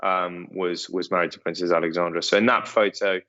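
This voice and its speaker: A middle-aged man answers interview questions, pausing often and restarting his sentences. His voice is very low and keeps to a flat, even line. The sound is dull and muffled. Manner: hesitant, full of ums and restarts. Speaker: estate owner, interview guest.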